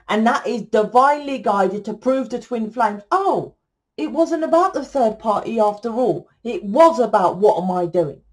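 A woman's voice: medium pitch, darkish tone. Blunt ranting British woman. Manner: blunt, ranting, swears freely. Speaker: tarot reader. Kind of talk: casual monologue to camera.

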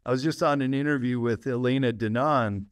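A man's voice: mid-range voice, brisk, clean tone, dry recording. Enthusiastic man telling a long story. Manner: enthusiastic, laughs often, steady explaining. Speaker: guest author. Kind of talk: podcast interview storytelling.

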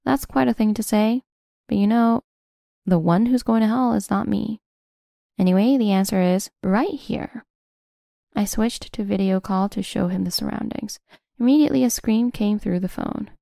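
A woman in scripted first-person narration of a revenge story, smug and measured. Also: mid-range voice, gravelly, mellow, dry recording, studio quality.

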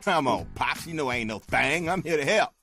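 A shady, easygoing cartoon hustler who talks fast in a husky voice. His pitch sits fairly high and swings widely as he talks. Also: animated, bright, forceful tone, faint music behind, exaggerated voice. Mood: laid-back. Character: shady street hustler man, casual about violence.

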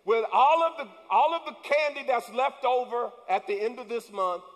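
A male pastor preaching a sermon, building to shouted emphasis and calling out to the congregation. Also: very high voice, normal speed, long reverb tail. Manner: preaching with rising, shouted emphasis and call-and-response. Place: church sanctuary.

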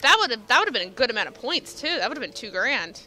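Bright, lively young woman gaming. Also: a little high, fairly quick, slight background noise.

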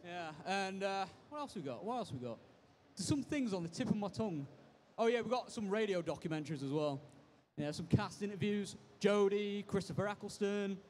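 A man's voice: sits high, expressive, fairly quick, few pauses, a little mellow, a little hiss or hum. A young man hosting a convention panel in casual, upbeat, slangy banter, laughing often. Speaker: panel host. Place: convention hall panel stage.

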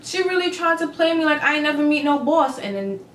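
A young adult woman vlogger recounting a story in a casual, animated, swearing, incredulous way. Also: sits high, fairly quick, a little hiss or hum. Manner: animated, profane, incredulous retelling. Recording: roomy echo with faint ambience.

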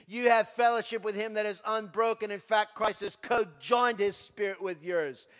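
A male pastor giving his testimony as a sermon, passionate, moving from hushed to loud preaching. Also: sits high, steady tone, moderate pace, long reverb tail.

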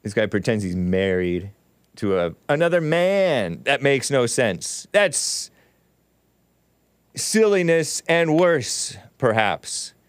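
A man hosting a podcast, his voice smooth and full, recorded dry and close. He talks at an unhurried, drawn-out pace but leaps between low mutters and high exaggerated exclamations, often chuckling as he mocks what he reads. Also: big pitch swings, no echo. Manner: mocking, theatrical swings of pitch and volume; often laughs at his own remarks. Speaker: host. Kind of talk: solo commentary on screenshots.

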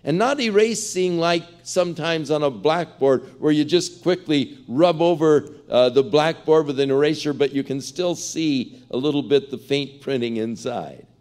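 A pastor preaching a sermon in a large church, earnest, acting out the voices in a parable. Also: male voice, fairly high pitch, normal speed, hardly any pauses, a little mellow.

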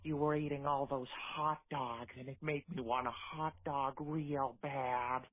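A Finnish man leaving a quiet, drawling voice message in a put-on Midwestern American accent. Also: medium pitch, fairly even intonation, measured pace. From Finland. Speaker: caller in a played voice message. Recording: dull lo-fi phone message.

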